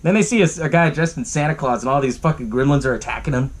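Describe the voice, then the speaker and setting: A man's voice: medium pitch, fast talker. Profane, chuckling podcast host guy. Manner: profane and laughing, lots of fillers. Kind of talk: casual movie recap.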